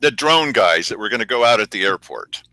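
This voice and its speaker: A man with a lively, swooping delivery and a bright, forceful tone mocks local officials in casual, sarcastic commentary. He laughs often and talks in a dry, close-miked studio sound. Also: fairly low pitch, a little fast, dry recording, rough recording. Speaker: local news show co-host.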